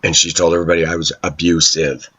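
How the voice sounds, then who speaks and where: A man talking to his viewers in a long personal monologue, aggrieved and telling his side, often clearing his throat. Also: low voice, little pitch movement, quick pace, fairly bright tone. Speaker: vlogger addressing viewers. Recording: slightly dull lo-fi recording.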